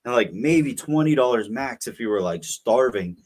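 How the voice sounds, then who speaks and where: A man's voice: mid-range voice, animated, moderate pace, darkish tone. A young man co-hosting a podcast, telling a long story in casual chat full of fillers. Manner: rambling, filler-heavy storytelling. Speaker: podcast co-host.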